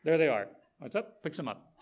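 A middle-aged man preaching a sermon, telling a story with lively, animated energy and acting out the quotes. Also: fairly high pitch, brisk.

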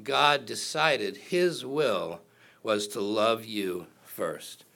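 A man's voice: on the low side, drawn-out words, creaky, bright, forceful tone. A man preaching a sermon in a conversational way, asking the congregation questions and cracking jokes. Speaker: pastor.

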